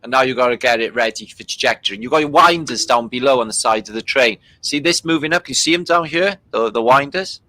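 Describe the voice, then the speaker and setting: Casual host, male, from Britain; bright tone, loose delivery, swears a lot. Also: medium pitch, quick pace, hardly any pauses, no echo. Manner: loose and chatty, swearing freely, many fillers. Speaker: host commenting on archive war footage. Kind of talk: casual running commentary.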